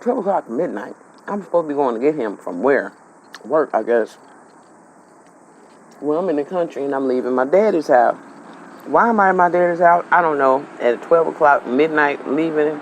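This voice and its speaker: A woman's voice: extremely low pitch, expressive, a little fast, dull audio, a little hiss or hum. A woman from Mississippi with a Southern accent, animatedly retelling a dream in casual storytelling style. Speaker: spiritual vlogger.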